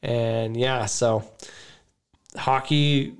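A man's voice: mid-range voice, fairly even intonation, very slow, clean tone. Rambling, emotional male podcast host. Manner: rambling, emotional, laughs often. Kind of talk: casual chat.

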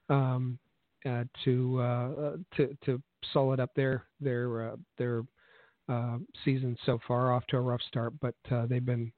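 A man co-hosting a sports radio podcast, speaking haltingly with frequent ums and restarts. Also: medium pitch, no room sound. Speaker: podcast co-host. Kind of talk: casual sports radio commentary. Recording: tinny phone-like line, dry.

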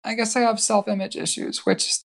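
A woman's mid-pitched voice with a gravelly, creaky edge. She is a guest from New York on a podcast interview. She tells her own story openly and earnestly, often stopping to restart a phrase. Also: fairly quick. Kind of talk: candid personal interview.

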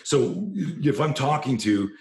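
A man's voice: medium pitch, big pitch swings, slow, darkish tone, echoey room. A man, a self-defense instructor, telling a story as an interview guest, passionate and profane, often restarting his sentences.

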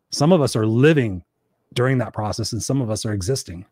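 A man's voice: medium pitch, expressive, brisk, darkish tone, no room sound, studio quality. A man giving a blunt, profane motivational monologue, hammering his points home with rhetorical questions. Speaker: motivational speaker.

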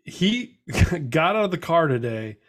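A man in his thirties chatting casually about his kids, swearing often and acting out their lines. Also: slow pace. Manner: animated storytelling, acts out his kids in high voices, swears a lot. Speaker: father and podcast host. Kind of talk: casual chat.

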